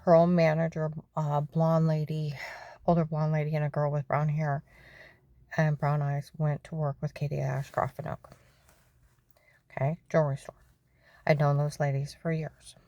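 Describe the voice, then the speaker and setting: A woman's voice: sits low, level tone, moderate pace, long pauses, warm tone, no room sound, lo-fi sound. A middle-aged woman telling her own story in a testimony monologue, keeps asking "okay?" and often drops into a whisper.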